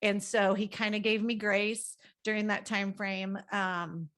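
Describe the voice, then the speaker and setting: A woman's voice: medium pitch, level tone, a little slow, fairly bright tone. Candid, rambling middle-aged woman counselor. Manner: candid, rambling, with frequent fillers and laughs. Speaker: guest family counselor. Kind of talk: casual podcast conversation.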